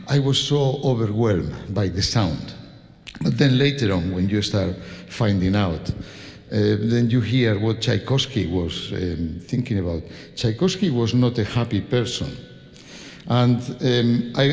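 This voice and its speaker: A man's voice: lowish voice, gravelly, a little mellow. A man from Spain with a Spanish accent, a conductor chatting informally to a concert audience, laughing and restarting his sentences. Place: large concert hall. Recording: long hall reverb from a stage.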